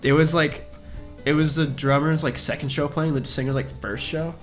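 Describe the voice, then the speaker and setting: Young man recalling a story haltingly. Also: a little high, steady tone, faint music behind. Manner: short reactions, trails off while recalling. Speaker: podcast co-host. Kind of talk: casual chat.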